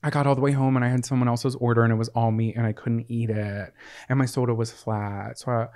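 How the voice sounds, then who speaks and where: A man in a casual podcast conversation, with an earnest tone and long, wandering explanations. His voice sits at an ordinary pitch for a man. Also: level tone, quick pace, darkish tone. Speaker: podcast co-host. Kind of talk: casual chat.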